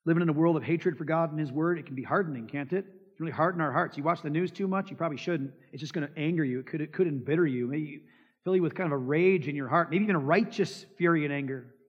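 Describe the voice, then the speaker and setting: A pastor with a slightly high, slightly rough voice preaches fast and emphatically, hitting the congregation with rhetorical questions and acting out quoted lines. The sermon audio is dull and lo-fi, with long hall reverb.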